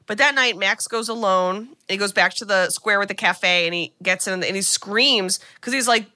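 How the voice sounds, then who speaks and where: Podcast co-host, woman, bright tone, lively storytelling, voices the characters. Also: mid-range voice, normal speed, hardly any pauses. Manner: animated, acts out characters' lines. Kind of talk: casual movie recap.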